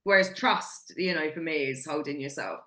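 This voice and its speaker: A blunt woman co-hosting a casual chat podcast, cursing freely and animated as she tells a story. Her voice is bright and sharp-edged, and it rings in an echoey room. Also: low-pitched, normal speed. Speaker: podcast co-host.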